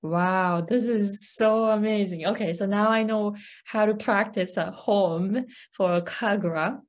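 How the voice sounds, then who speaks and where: Unhurried enthusiastic woman interviewer. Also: mid-range voice.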